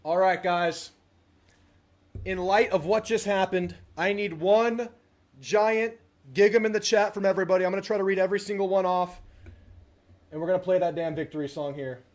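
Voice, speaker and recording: A man hosting a live watch party, excitedly reading names from the chat. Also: sits high. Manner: rapid-fire reading of chat names, hyped. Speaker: livestream host. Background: loud music playing.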